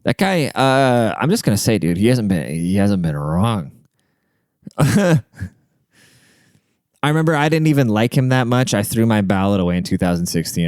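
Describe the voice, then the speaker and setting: A young man hosting his own podcast in a loose, rambling monologue, swearing freely as he goes. His pitch swings around a lot, and his voice comes through smooth and clear. The sound is dry and close to the mic. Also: very animated, moderate pace, long pauses, darkish tone, no room sound. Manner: rambling, profane, conversational. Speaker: podcast host. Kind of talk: casual storytelling monologue.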